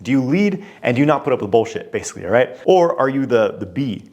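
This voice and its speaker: A man's voice: mid-range voice, very animated, quick pace, a little mellow. A man speaking as a relationship coach, talking straight to the viewer in a direct, conversational way, posing pointed questions and using frequent fillers. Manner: poses pointed questions to the listener. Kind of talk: direct-to-camera coaching talk.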